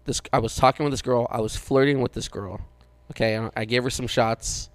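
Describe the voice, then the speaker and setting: A man co-hosting a podcast, telling a story in a rushed, animated way during casual banter. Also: medium pitch, no echo. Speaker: podcast co-host.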